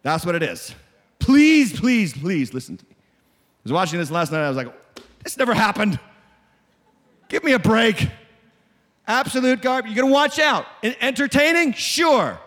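A man preaches with a high-pitched, emphatic voice that climbs into shouts. His words ring through a church sanctuary with a long hall reverb. He keeps calling on the congregation to answer him. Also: sing-song, normal speed. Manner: emphatic, rising to shouts, call-and-response. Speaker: pastor. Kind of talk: sermon.

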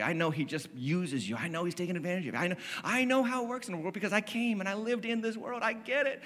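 Jesus, gentle and patient, as a pastor puts him on. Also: male voice, a little high. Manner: soft, reassuring, conversational. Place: church stage. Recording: long reverb of a large hall.

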